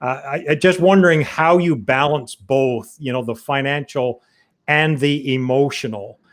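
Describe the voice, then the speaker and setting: A man hosting a webcast interview, asking measured, thoughtful questions with some hesitation. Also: medium pitch.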